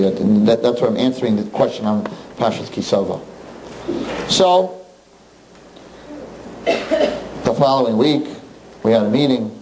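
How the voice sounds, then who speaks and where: A rabbi with a mid-range voice tells a story to an audience, animated and emphatic, often taking on the voices of its characters. Noise can be heard in the background.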